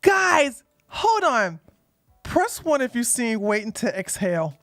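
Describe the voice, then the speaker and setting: A woman with a high, bright voice hosts a casual livestream and talks straight to her chat in a loose, animated way. The sound is dry and close, with faint music behind her. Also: slow pace, dry recording. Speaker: livestream commentary host. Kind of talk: casual live commentary.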